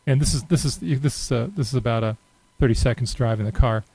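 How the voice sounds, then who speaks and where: A man giving a relaxed, unscripted screen-recorded software tutorial, thinking aloud with many fillers. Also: medium pitch, fast, vocal fry, slightly rough, low-quality recording. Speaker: software demonstrator.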